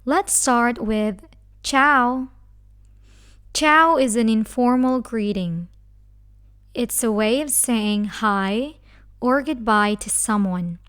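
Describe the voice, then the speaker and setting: A woman teaching a language lesson who speaks slowly and carefully, breaking words into syllables. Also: a little high, fairly bright tone, smooth. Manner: slow, careful, spells out syllables. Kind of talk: slow scripted lesson.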